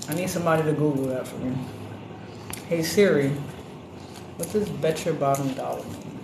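A woman chatting casually on a podcast, telling lively stories with plenty of swearing and acted-out voices. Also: low voice, normal speed. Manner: animated storyteller, profane, acts out other voices. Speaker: podcast co-host. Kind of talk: casual chat. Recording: roomy with background noise.

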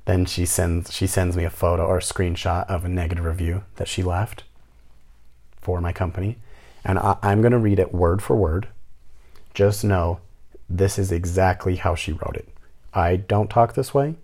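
Young guy ranting, low dark voice, sarcastic and mocking the whole way. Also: steady tone, normal speed, long pauses. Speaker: landlord telling a tenant story. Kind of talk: casual storytelling rant.

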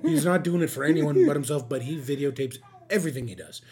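A man's voice: a little high, quick pace. A man co-hosting a podcast, chatting casually and telling stories with lots of laughter. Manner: animated storyteller, laughing, quoting people in funny voices. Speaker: podcast co-host. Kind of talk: casual chat.

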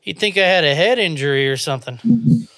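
Man, podcast host, profane, jokey, bright voice, dry close mic. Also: on the high side, lively intonation, fairly quick, dry recording. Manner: profane, joking, laughs often. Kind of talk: casual podcast banter.

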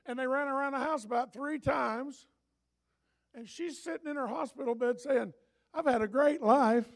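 Older male pastor, high gravelly voice, storytelling sermon that swings from soft to loud.

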